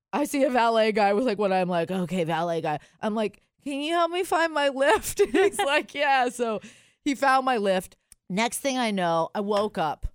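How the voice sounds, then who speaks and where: A woman's voice: mid-range voice, clean tone, no room sound. A woman in her thirties telling a story in casual chat, acting out the people in it.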